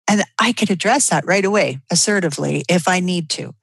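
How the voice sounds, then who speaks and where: A woman with a somewhat low voice talks earnestly and conversationally, building her points from everyday examples. The recording is dry and close, with no room sound. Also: moderate pace, few pauses, no echo. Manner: acts out quoted lines in changed voices. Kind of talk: explanatory solo talk.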